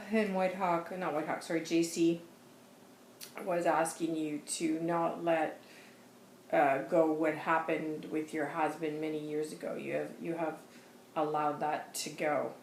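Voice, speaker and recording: Woman vlogger, earnest intuitive reader, casual asides, lowish pitch. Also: a little mellow, a little hiss or hum. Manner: chatty, earnest, with quick asides. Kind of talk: casual vlog reading. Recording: roomy echo.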